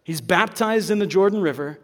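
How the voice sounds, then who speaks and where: A man preaching a sermon in a conversational teaching manner, checking in with listeners and pausing for emphasis. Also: sits high. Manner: conversational teaching, tag questions, dramatic pauses.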